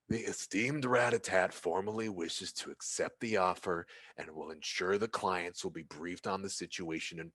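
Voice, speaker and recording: A man's voice: lowish voice, a bit bright, pitched above the performer's own voice. A man voicing a tiny, mousy male denizen who is impatient, brash and swears a lot. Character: mousy tiny male denizen, harried, foul-mouthed boss.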